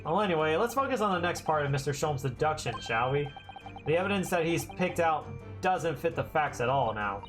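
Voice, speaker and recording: A man's voice: on the high side, very animated, brisk, fairly bright tone, soft background music. A man voicing a flustered young male lawyer in a video game, in his own voice. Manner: defensive, flustered.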